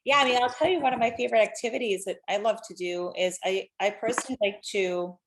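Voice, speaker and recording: A woman's voice: mid-range voice, fast talker. A woman in her thirties hosting a live stream, chatting casually and animatedly with lots of fillers.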